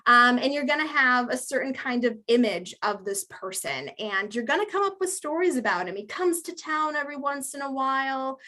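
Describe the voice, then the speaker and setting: A woman's voice: high-pitched, expressive, normal speed, hardly any pauses, bright, forceful tone. Chatty woman giving a history talk. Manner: chatty, amused, with many fillers. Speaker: museum lecture speaker. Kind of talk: public history talk with slides.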